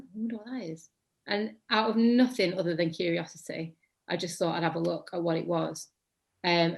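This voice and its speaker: An English actor in her thirties with a Mancunian accent chats as an interview guest, rambling and correcting herself as she goes, and says her voice tends to be monotonous. Her voice sits low and sounds creaky.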